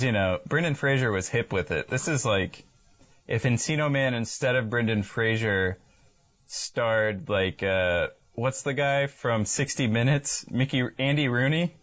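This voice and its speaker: Dude riffing jokes on a podcast, does silly voices, casual banter. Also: male voice, mid-range voice, fairly bright tone, highs cut off. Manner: joking riffs, goofy voice impressions. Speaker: podcast co-host.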